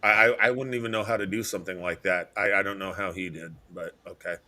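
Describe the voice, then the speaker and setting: Bright, stammering man in his fifties. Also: deep voice, steady tone, fast. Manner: hesitant, stammering restarts. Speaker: co-host. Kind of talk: casual comedic chat.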